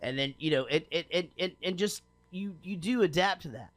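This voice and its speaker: A man's voice: a little high, expressive, moderate pace, no echo. A man co-hosting a podcast, chatting in a laid-back, joking way. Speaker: podcast co-host. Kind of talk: casual chat.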